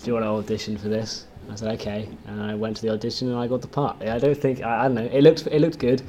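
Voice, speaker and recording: A young man answers interview questions in a mellow, dark voice. He sounds offhand and a little hesitant, and slips in dry jokes. Faint noise sits behind him. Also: fairly low pitch, little pitch movement, fast talker. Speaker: lead actor. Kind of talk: casual interview.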